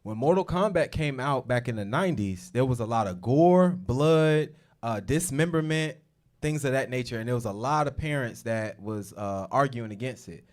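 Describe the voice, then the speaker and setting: Male host, informal explainer, emphatic, lively pitch. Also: normal speed. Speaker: show host. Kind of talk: casual teaching discussion.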